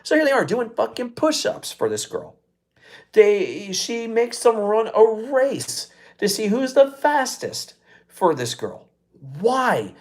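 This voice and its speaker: A man's voice: high voice, wildly swooping pitch, takes it slowly. A man hosting his own live show, ranting casually with a lot of profanity and exasperation. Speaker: show host.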